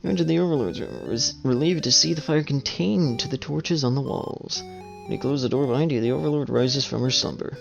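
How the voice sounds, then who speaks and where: A man's voice: medium pitch, brisk, creaky. A man reading a game aloud with casual, swearing, joking commentary as a game streamer. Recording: slightly dull audio with faint music.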